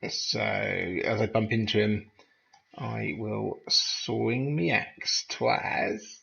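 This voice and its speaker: A man playing a tabletop game, with a gravelly yet sharp, very bright voice. He describes his character's moves playfully. The sound is dull and lo-fi, with a faint hiss. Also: fairly low pitch, extremely slow. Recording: dull lo-fi mic with faint noise.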